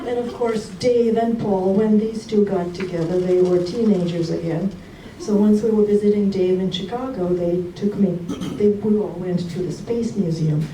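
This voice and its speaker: A woman gives a memorial speech for her husband, her stories fond and often broken by laughter. Her voice is mellow, picked up from a distance in a roomy hall with a faint hum behind it. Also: medium pitch, moderate pace, hardly any pauses. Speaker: widow giving a eulogy.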